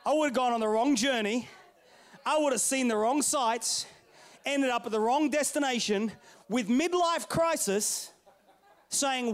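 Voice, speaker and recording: In a storytelling sermon, a man over thirty-five shifts between loud bursts and soft, hushed delivery. He speaks very high-pitched at a measured pace.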